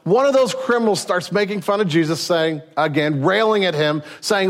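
Earnest preaching man, fairly high voice. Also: normal speed. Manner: earnest preaching, swinging from hushed to raised. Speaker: pastor. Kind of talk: sermon.

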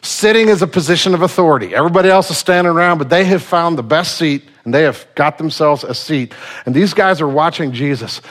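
A man's voice: a little high, fast talker. Man preaching a casual sermon. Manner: casual, animated storytelling with acted quotes. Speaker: pastor.

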